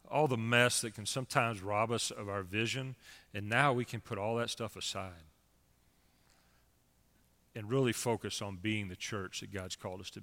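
A male pastor delivers a sermon in a relaxed, conversational way, mixing scripture with casual asides. His voice is bright and forward. The sound carries a long reverb, as if in a large church sanctuary. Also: lowish voice. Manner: conversational, animated preaching with asides.

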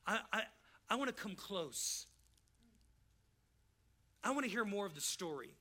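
A man's voice: sits high, big pitch swings, unhurried, pushed and bright. A man preaching a sermon as pastor, in a casual, emphatic style, and he acts out the people he quotes.

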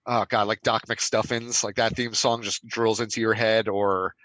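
A man's voice: lowish voice, little pitch movement, normal speed, a bit bright. A man in his thirties, a laid-back father chatting casually with friends on a podcast and laughing often. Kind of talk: casual chat.

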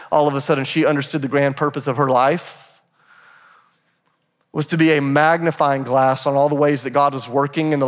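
A man preaching a sermon as pastor, emphatic and repeating phrases as he builds a point. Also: mid-range voice. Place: church sanctuary. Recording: long hall reverb.

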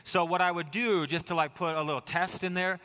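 A middle-aged American man preaching a sermon, telling family stories in a relaxed way and dropping to a soft hush to stress a point. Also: sits high, a little fast, long reverb tail. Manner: conversational storytelling, dropping to soft near-whispers for emphasis. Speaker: pastor. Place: church sanctuary.

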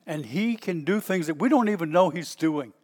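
A middle-aged man with a Southern US accent, a pastor preaching in a folksy, storytelling way that bursts out loud at times. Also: fairly high pitch, normal speed, big-room sound. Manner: folksy and animated, stretches words, bursts out loud. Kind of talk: storytelling sermon.

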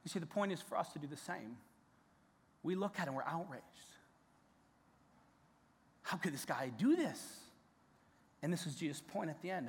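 A man's voice: fairly high pitch, lively intonation, moderate pace, vocal fry, pauses often, slightly rough. A male pastor preaching a sermon in a conversational, emphatic way, with restarts and rising peaks of intensity. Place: church sanctuary. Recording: long church hall reverb.

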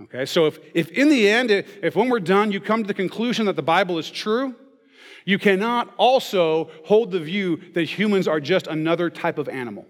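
A man's voice: high-pitched, lively intonation, brisk. A man giving a sermon in a conversational way, often checking in with "okay?" and "right?". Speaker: pastor. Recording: long reverb of a large hall.

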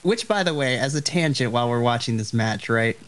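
A man in an everyday mid-pitched voice, trading jokes with friends on a podcast call. He teases and laughs easily, loose and chatty rather than polished. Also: animated, brisk, fairly bright tone. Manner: playful, laughing, flirty joking. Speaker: podcast co-host. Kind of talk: casual live-reaction chat.

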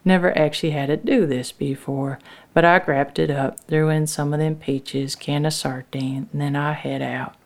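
A woman's voice: deep voice, darkish tone. A woman telling a dramatic first-person story in an earnest rural dialect.

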